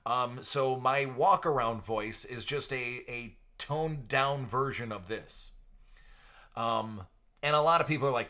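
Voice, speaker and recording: A man's voice: mid-range voice, unhurried, pushed and bright. A man hosting a live card-breaking stream, chatting casually with a projected, radio-style delivery into a studio mic. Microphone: entry-level studio microphone.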